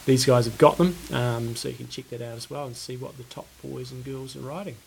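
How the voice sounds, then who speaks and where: A man co-hosting a podcast in a relaxed, rambling chat full of fillers. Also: medium pitch, brisk, vocal fry, a little hiss or hum. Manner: laid-back, rambling with fillers. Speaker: podcast co-host. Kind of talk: casual chat.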